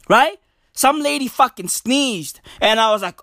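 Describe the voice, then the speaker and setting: A man doing a profane stand-up comedy rant, animated and drawn-out, jumping up into high squeaky voices. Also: no echo, clean studio sound. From South Africa.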